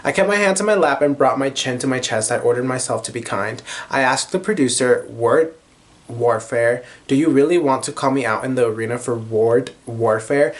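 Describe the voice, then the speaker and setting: A man's voice: mid-range voice, normal speed. Chatty young man gushing about books. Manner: chatty and animated, gushing with giggles and filler words. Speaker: vlogger. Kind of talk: casual chat, reading book passages aloud.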